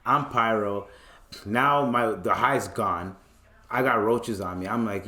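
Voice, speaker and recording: A man's voice: medium pitch, normal speed, a bit bright. A man hosting a podcast from Canada, telling a profane, slangy story and acting out the voices of the people in it. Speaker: podcast host. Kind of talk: casual storytelling monologue. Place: home room. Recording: echoey room with a TV left on. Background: television sound.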